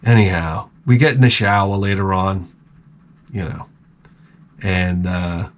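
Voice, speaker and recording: A middle-aged man hosting his own channel, telling rambling, profane stories in a casual, animated way. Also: sits low, measured pace. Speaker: channel host. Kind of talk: casual storytelling to camera.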